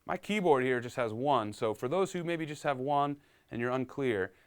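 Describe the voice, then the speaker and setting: A man's voice: mid-range voice, expressive, normal speed, clean tone. A man giving a live-streamed piano lesson, upbeat and chatty, reading viewer comments aloud and explaining as he goes. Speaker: piano teacher.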